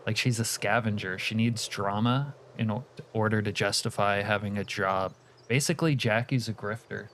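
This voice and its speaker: A man's voice: on the low side, moderate pace, noisy background. A man live-streaming a game, chatting casually with his viewers, reading their messages aloud and muttering asides about the game as he plays. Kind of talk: live-stream chat while gaming.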